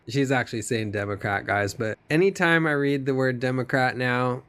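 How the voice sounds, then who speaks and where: A man's voice: mid-range voice, moderate pace, a bit bright, smooth, no room sound. A man giving sarcastic commentary, with mocking asides to his viewers.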